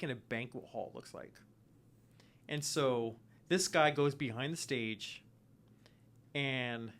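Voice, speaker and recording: Slow, easygoing game master. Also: male voice, fairly high pitch, fairly bright tone. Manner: slow, loose storytelling. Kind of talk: narrating a tabletop game.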